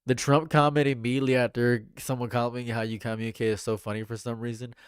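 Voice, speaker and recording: Smooth-voiced joking male streamer. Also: mid-range voice, little pitch movement, fast talker, no echo, clean studio sound. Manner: joking, chatty, reads and answers chat. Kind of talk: casual live-stream commentary.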